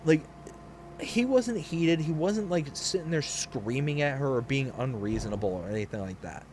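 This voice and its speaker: A man's voice: medium pitch, lively intonation, normal speed, darkish tone, a little hiss or hum. A man around thirty, a livestream host telling a story in a rambling, chatty way with frequent restarts. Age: late 20s to early 30s. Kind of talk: casual storytelling while streaming a game.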